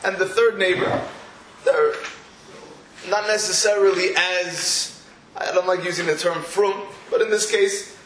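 A man's voice: high voice, fairly even intonation, unhurried, fairly bright tone, echoey room, a little hiss or hum, low-quality recording. A man, giving a weekly Torah class. He poses rhetorical questions and breaks into storytelling asides. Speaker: Torah teacher.

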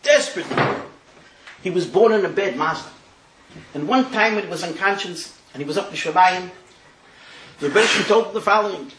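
Man, Talmud teacher, high voice, animated storytelling, echoey room. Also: moderate pace, long pauses, a little hiss or hum. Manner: animated storytelling with Hebrew terms. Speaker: Torah teacher. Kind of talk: Talmud class.

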